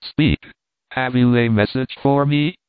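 A man voicing a frightened young woman prisoner, speaking low and soft in an audiobook reading. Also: unhurried, clean tone, no room sound, lightly acted. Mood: quiet dread. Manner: low, soft-voiced, rising to anguished pleas. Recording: dry, tinny phone-like sound.

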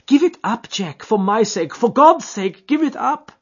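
A man voicing a distraught nineteen-year-old woman, pleading in a high, shrill voice, on a dull lo-fi recording. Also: expressive, a little slow, husky.

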